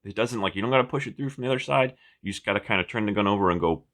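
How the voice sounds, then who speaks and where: A man with a deep, low-pitched voice talks through a product review in a loose, offhand way. He trails off, restarts sentences and drops dry, wry asides as he goes. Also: racing, a bit bright. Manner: rambling, many fillers and restarts, wry asides. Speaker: firearms reviewer.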